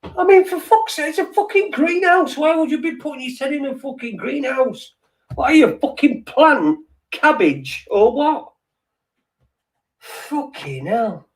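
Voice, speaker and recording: A man's voice: very high-pitched, very animated, measured pace. A middle-aged man, rambling in sweary, wry late-night chat as a podcast host, heard from a little way off the mic. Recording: distant from the mic.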